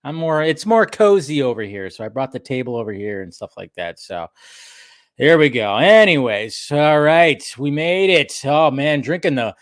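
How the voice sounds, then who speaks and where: A man with a medium-pitched voice and lively intonation, speaking at normal speed, hosts a live drinking stream from a home room with a pub table. He chats casually and rambles, greeting viewers by name. The recording is dry and studio quality.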